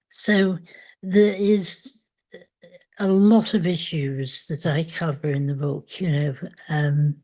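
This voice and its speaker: An older woman, a memoir author, speaking reflectively in an interview, thoughtful and hesitant with frequent pauses. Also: low voice, darkish tone.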